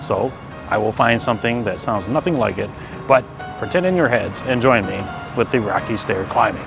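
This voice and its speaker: A man's voice: lowish voice, lively intonation, normal speed, gravelly, music in the background. A middle-aged man from Detroit, chatting casually as he vlogs outdoors in a city with a handheld camera. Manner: chatty, self-deprecating, often winded. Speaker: vlogger. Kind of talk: casual travel vlog. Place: outdoors in a city, by stone steps. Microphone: handheld compact camera.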